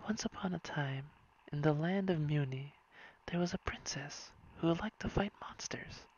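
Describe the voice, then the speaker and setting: A reader voicing an excitable teenage princess girl as whispered role-play, with an eager, high and bouncy delivery. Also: unhurried, slightly rough. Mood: storytelling. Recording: dull lo-fi recording.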